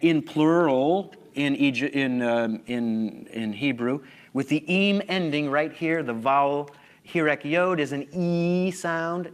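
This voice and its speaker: A man's voice: fairly high pitch, clean tone. A man giving a conference lecture, emphatic and full of questions to the audience. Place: conference hall.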